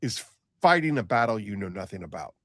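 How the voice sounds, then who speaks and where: A middle-aged man, a nurse and former paramedic, telling a blunt story in casual conversation, halting and full of restarts. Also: fairly low pitch, sing-song, no room sound, clean studio sound.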